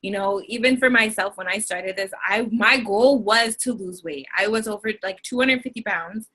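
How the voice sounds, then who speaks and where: A young woman talks over a video call with a bright voice at a middle pitch. She encourages her listeners earnestly and works from notes. She sometimes pauses to search for the right word. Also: breathy edge. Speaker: co-host of a team video call. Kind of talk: motivational talk from notes.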